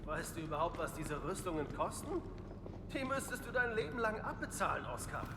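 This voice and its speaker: Barking enemy soldiers. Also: male voice, high voice, big pitch swings, fairly quick. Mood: scolding. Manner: barked soldier orders. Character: male enemy soldiers on patrol, gruff and alarmed. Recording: reverberant game audio with loud noise.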